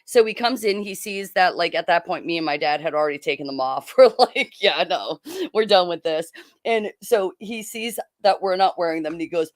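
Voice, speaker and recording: A middle-aged woman co-hosts a podcast, telling a story casually and animatedly performing the quoted people. Her medium-pitched voice comes through studio quality, with no echo.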